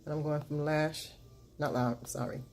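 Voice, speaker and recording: A woman's voice: normal speed, noisy background. A woman beauty vlogger talking through a makeup tutorial in a casual chat, often murmuring as she works and repeating catchphrases. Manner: repeats catchphrases, bursts into loud excited chanting; low murmured narration while working.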